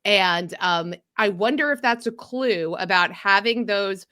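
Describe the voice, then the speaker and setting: Woman hosting a podcast, bright voice, talks a lot, laughs easy, dry mic. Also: mid-range voice, unhurried, no echo. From mid-Atlantic region of the US. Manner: animated, laughing, theorizing at length. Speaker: podcast host. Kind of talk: casual podcast chat.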